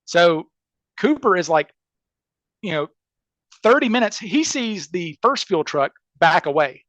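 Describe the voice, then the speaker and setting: A man telling a story in casual podcast chat, animated and chatty, acting out the people he quotes with lots of "like" and quick restarts. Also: high-pitched, no room sound. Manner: animated, acts out quoted people with shifting voices.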